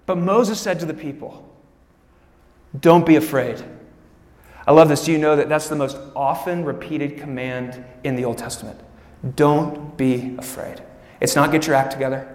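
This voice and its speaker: Young male pastor, high-pitched and conversational, preaching in a reverberant church hall. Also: moderate pace. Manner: casual, animated preaching with direct asides to the congregation. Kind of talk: sermon.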